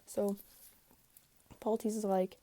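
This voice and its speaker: A hoarse woman hosting a casual podcast, speaking quietly at home with lots of fillers as she recaps a story. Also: mid-range voice, level tone, takes it slowly. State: hoarse, tired voice. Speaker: podcast host. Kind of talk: casual rambling recap rant. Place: home room.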